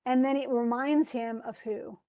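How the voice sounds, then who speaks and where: A woman's voice: high-pitched, fairly even intonation, normal speed, warm tone, lo-fi sound. A woman teaching a literature class, explaining a poem in a chatty way with frequent restarts. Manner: chatty, restarts often, paraphrases casually. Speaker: English literature instructor.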